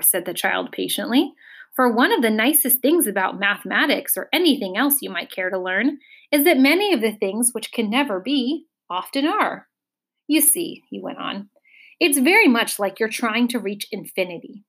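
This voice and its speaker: A woman reading a children's novel aloud, giving the characters expressive voices. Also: mid-range voice, normal speed, slightly rough. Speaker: audiobook reader. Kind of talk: storybook reading.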